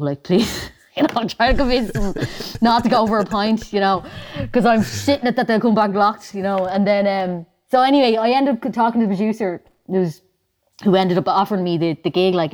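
A woman with an Irish accent telling a story casually, animated and chatty, full of "like" and "you know.". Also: mid-range voice. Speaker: singer telling a story as a guest. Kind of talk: casual anecdote in conversation.

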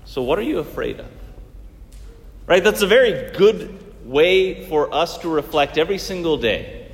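A man's voice: on the high side, expressive, normal speed, big-room sound. A man preaching a sermon in earnest tones, asking rhetorical questions and swinging his emphasis up and down.

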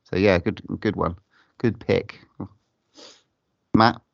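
A man's voice: low voice, steady tone, takes it slowly, creaky, dry recording. Man, podcast co-host, hesitant and sweary, dry dull audio. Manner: hesitant, lots of fillers and swearing. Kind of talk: casual film podcast chat.

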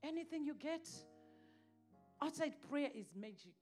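A woman preaching with a very high, ringing voice that swings from fervent shouts down to quiet, hushed readings of scripture. Soft music plays faintly under her sermon. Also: lively intonation, measured pace.

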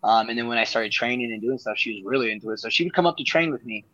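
A man's voice: medium pitch, very fast, pushed and bright, no room sound. A man and guest wrestler telling stories in a casual, rambling way, swearing freely and laughing at his own tales. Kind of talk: casual storytelling in conversation. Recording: dull lo-fi sound.

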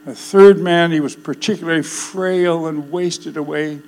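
An older man preaching a sermon, swinging between loud declarations and hushed, solemn passages. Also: on the high side, fairly even intonation, takes it slowly, rough recording.

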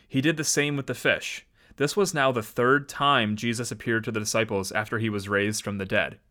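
Lower-voiced man hosting a faith podcast. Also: fairly even intonation, moderate pace, bright, forceful tone. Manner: loose and unscripted, with frequent fillers and restarts. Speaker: podcast host. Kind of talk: casual podcast talk and Bible reading.

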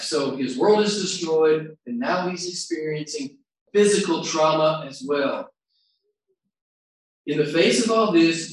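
A male pastor preaching a sermon, shifting between quiet reflection and loud shouts, recorded far from the mic in a large church hall. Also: on the high side, a little slow. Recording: very echoey hall, distant mic.

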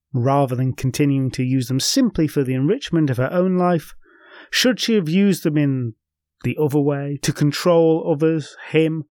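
A man's voice: fairly high pitch, a little mellow, no echo, clean studio sound. Wry male folklore storyteller. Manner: wry, with personal asides. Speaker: podcast host.

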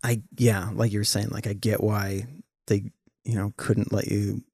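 A man's voice: on the low side, flat delivery, measured pace, vocal fry, darkish tone, husky, dry recording, studio quality. A man hosting a casual podcast conversation, laid-back and joking.

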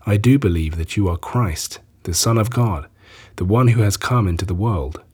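Brief: a male reader giving an earnest, grieving sister, low and smooth. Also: moderate pace, a little mellow. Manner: earnest, plain reading of quoted speech.

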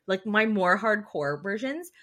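A young woman co-hosting a podcast, telling stories in an animated way and laughing often. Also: medium pitch, unhurried. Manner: animated storytelling, frequent laughter. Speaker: podcast co-host. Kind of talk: casual chat.

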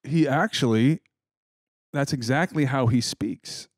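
A man's voice: mid-range voice, slow pace, no room sound. Rambling joking man on a dry mic. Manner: rambling, many restarts, joking. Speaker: podcast co-host. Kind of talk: casual chat.

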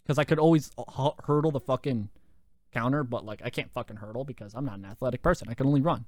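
A young man hosting a podcast, telling a story in a lively, profane way with lots of fillers, into a handheld mic. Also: mid-range voice, fast, no room sound, clean studio sound. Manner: animated, profane, full of fillers. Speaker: podcast host. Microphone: handheld microphone.

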